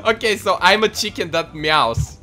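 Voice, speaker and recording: A young man hosting a casual gaming video, giggling constantly and excitable. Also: high voice, normal speed, faint music behind. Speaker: gaming channel host.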